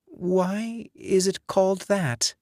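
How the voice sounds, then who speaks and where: A man voicing a tired, polite, career-driven young woman who grows drowsy, speaking softly and raised well above his own pitch. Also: fairly even intonation, slow pace, no echo, studio quality, lightly acted. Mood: polite, sleepy. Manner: drowsy, fading, soft replies.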